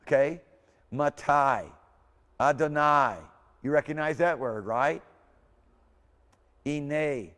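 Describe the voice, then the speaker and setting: A man's voice: fairly high pitch, slow, pauses often, a bit bright. Rambling male lecturer in a reverberant hall. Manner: rambling, informal, self-correcting, repeats words aloud for students. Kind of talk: classroom lecture.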